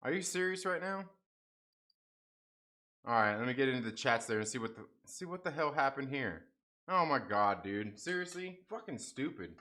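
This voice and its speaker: A man's voice: medium pitch, very animated, moderate pace, pushed and bright. A young man hosting a casual livestream, swearing and grumbling about a technical mix-up while reading out viewer chat. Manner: frustrated, swearing, laughing off a stream mix-up. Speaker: livestream host.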